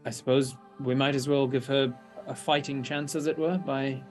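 A man's voice: mid-range voice, level tone, normal speed, darkish tone, soft background music. A man speaking as a player in a tabletop game, mock-formal and a little smug in character.

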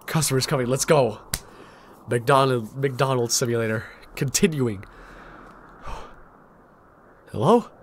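A man's voice: medium pitch, animated, takes it slowly, pauses often. Guy streaming a scary game, swears a lot, jumpy, voice swings up and down, slight hiss behind. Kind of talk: horror game let's play commentary.

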